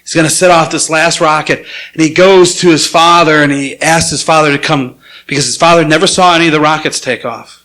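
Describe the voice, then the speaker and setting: A man with a fairly high voice delivers a sermon to his congregation in a church. He talks in a relaxed, conversational way while he tells a story. When he quotes other people, he voices their lines by raising his pitch. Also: brisk, poor audio. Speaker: pastor.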